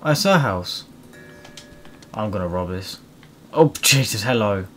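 A man's voice: lowish voice, expressive, a little slow, fairly bright tone, faint music behind. A man casually commentating a video game as host, cheeky and chatty. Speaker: gaming host. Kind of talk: let's play commentary.

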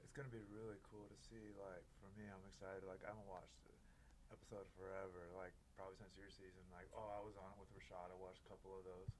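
Fast-talking man joking as podcast guest. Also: low voice, little pitch movement, a little hiss or hum, poor audio. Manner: joking, self-deprecating. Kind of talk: casual chat.

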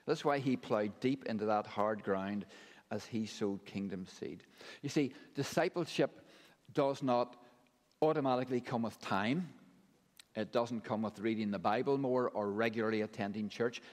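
A man preaching a sermon in a measured, emphatic way, with deliberate pauses between phrases. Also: on the low side. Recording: long hall reverb.

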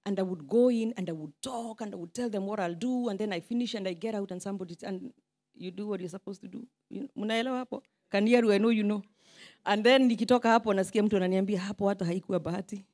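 A Kenyan woman in her forties, a politician, gives an informal, self-deprecating speech at a diaspora meeting, dropping in Swahili asides. Her voice is medium in pitch with a darkish tone, and she speaks fast.

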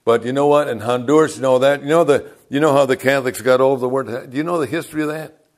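A man's voice: mid-range voice, fairly even intonation, fast. An older man preaching a sermon as pastor, telling folksy stories and calling out to the congregation.

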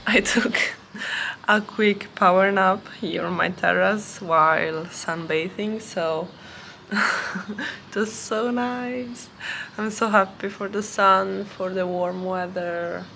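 A young woman who is not a native English speaker, chatting casually on her vlog, giggling often and filling pauses with ums and restarts. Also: medium pitch, fairly even intonation, gravelly, sharp tone, a little hiss or hum. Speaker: language-learning vlogger.

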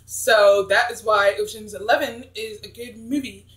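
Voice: medium pitch, steady tone, moderate pace, fairly bright tone, echoey room, low-quality recording. A young vlogger chatting casually about old movies in a rambling, blunt way. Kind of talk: casual movie-review vlog.

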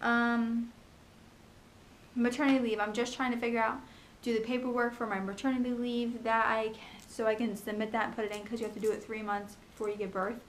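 A young woman in a casual home vlog, talking fast and chattily about her pregnancy, with lots of ums and likes. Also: a little high, little pitch movement, a little hiss or hum. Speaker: pregnancy vlogger. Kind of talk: casual chat.

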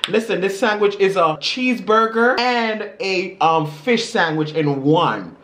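A woman, co-hosting a casual mukbang, sassy and animated, calling everyone honey and girl. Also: medium pitch, a little slow. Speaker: co-host of a twin-sister channel. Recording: echoey room with faint background noise.

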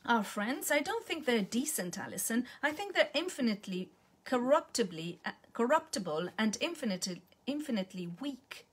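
A woman's voice: fairly high pitch, sing-song, moderate pace, husky. A woman reading the part of Millicent, a bitter, scornful elderly woman who lectures her friend.

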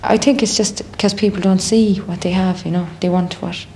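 A young Irish woman in a casual interview, a singer talking in a chatty, animated way and acting out other people's voices. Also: mid-range voice, moderate pace, a little hiss or hum. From Ireland. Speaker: singer in a band.

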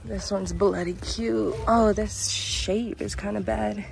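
A young woman vlogs to the camera about travel in a mid-range, steady voice, speaking slowly with vocal fry over background music. She gushes and chats casually, saying "like" a lot.

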